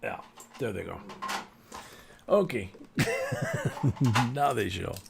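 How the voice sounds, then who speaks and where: A man's voice: on the low side, animated, takes it slowly, vocal fry, background noise. A man hosting a casual live coin stream, chatting and reading viewer comments aloud.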